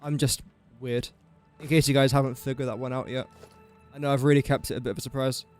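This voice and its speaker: A man's voice: medium pitch, little pitch movement, fast, darkish tone, soft background music. A young man from England chatting casually on a gaming livestream, rambling and self-mocking as he builds. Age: young adult. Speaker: streamer.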